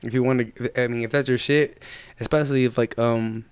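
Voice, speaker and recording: A man chatting casually on a podcast, swearing freely and bantering in an animated way. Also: medium pitch, a little fast, clean tone, no echo. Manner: profane, animated, agreeable banter.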